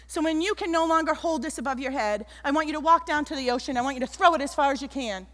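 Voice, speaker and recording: A woman giving an animated keynote talk on stage, telling stories and acting out the people in them. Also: high-pitched, fast talker, few pauses. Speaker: keynote speaker. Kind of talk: motivational stage talk with storytelling. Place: large auditorium stage. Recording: echoey auditorium.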